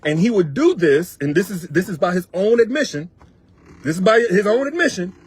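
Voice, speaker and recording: A man's voice: high voice, lively intonation, brisk, slightly rough. A man working as a relationship coach, giving emphatic, repetitive, colloquial advice straight to his viewers. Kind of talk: direct advice monologue to viewers.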